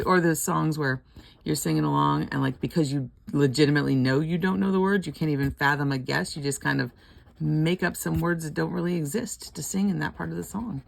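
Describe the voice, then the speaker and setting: An older woman with a deep, fry-tinged voice chats casually at home while scratching lottery tickets. She rambles, laughs a lot, and murmurs letters half under her breath, with no room sound in the recording.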